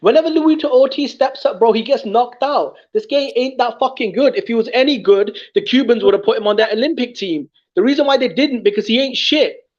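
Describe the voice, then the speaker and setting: A brash, profane man calls in to a sports talk show, dismissing other views with a high voice. His line sounds muffled and lo-fi. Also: a little fast.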